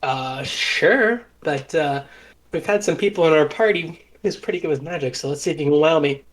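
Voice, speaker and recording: A man's voice: on the high side, normal speed, natural voice. A man voicing a chipper lizard-folk woman who leads a clan, bubbly and gushing as she greets the party at a tabletop game. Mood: friendly. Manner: bubbly, gushing, easily excited.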